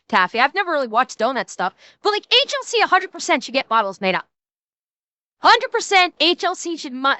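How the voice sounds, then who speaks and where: A young woman streamer giving profane, excitable reaction commentary, rambling with restarts. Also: high voice, no room sound. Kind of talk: casual livestream reaction commentary.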